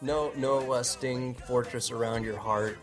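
A man's voice: medium pitch, steady tone, a little slow, over music. A man co-hosting a casual comedy podcast, telling jokes with dry, teasing banter. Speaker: podcast co-host.

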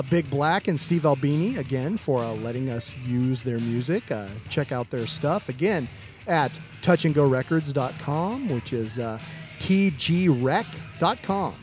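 A man's voice: on the high side, animated, moderate pace, darkish tone, faint music behind. A man co-hosting a podcast, chatting casually and telling jokes, swearing freely and using a lot of fillers. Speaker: podcast co-host. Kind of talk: casual chat and joke telling.

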